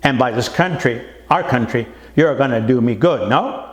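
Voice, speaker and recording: A man voicing a mocking, pompous old male judge who talks down in a slow drawl. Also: medium pitch, roomy sound, voice pushed down, lightly acted. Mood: condescending.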